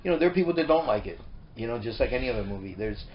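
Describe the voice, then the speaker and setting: A middle-aged man and comedian turned filmmaker, chatting in an animated, rambling way with many restarts as an interview guest on a boat. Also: mid-range voice, rapid-fire. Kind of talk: casual interview chat. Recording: muffled lo-fi recording with faint noise.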